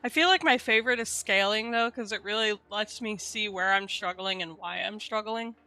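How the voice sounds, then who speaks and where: A woman's voice: mid-range voice, pushed and bright. A young woman streaming live, chatting candidly with viewers and swearing casually as she explains things.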